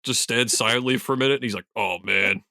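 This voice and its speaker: A man's voice: mid-range voice, steady tone, very fast, pushed and bright, no echo, clean studio sound. A man co-hosting a comedy podcast in casual chat, riffing on jokes and laughing often. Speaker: podcast co-host.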